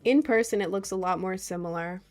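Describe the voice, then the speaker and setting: A woman's voice: mid-range voice, fairly quick, darkish tone, faint music behind. Young woman, streamer, casual chat, giggly, rambling. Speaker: livestreamer.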